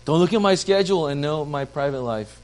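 A man's voice: on the high side, expressive, fairly quick, darkish tone. A young male pastor giving a casual, chatty sermon, joking with his congregation and poking fun at himself. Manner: chatty, self-deprecating, talks with the audience.

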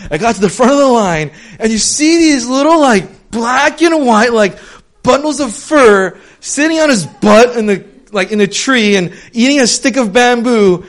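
A man's voice: extremely high pitch, moderate pace. A young man giving a casual, conversational sermon, telling stories with lots of "um" and "like". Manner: chatty, many fillers like "um" and "like", animated storytelling. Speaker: preacher.

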